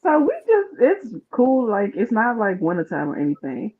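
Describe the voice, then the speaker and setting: A speaker telling rambling, animated street anecdotes in casual chat. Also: mid-range voice, normal speed. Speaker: storyteller on a chat show. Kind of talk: casual storytelling. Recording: tinny phone line.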